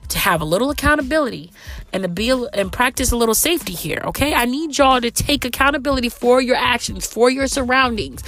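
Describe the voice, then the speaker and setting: Young woman, rideshare driver, congested from a cold; lively, fairly high voice, cussing and preachy. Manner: profane, emphatic, lecturing. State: stuffy nose from a cold. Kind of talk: casual ranting vlog.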